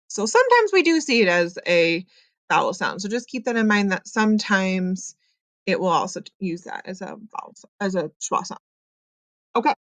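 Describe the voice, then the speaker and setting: A woman teacher giving a recorded phonics lesson, explaining patiently and slowly with frequent ums. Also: medium pitch, a bit bright, no echo.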